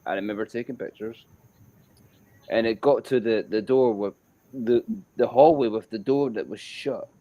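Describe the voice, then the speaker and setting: A man with a Scottish accent telling a story in a casual chat, animated and repetitive and swearing freely. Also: fairly low pitch, moderate pace, highs cut off.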